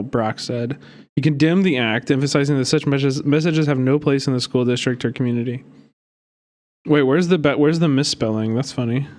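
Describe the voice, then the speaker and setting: A man streaming live, reacting to clips with mocking, profanity-laced commentary and frequent laughter. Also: medium pitch. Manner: animated, cursing, mocking, laughs often. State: hiccups.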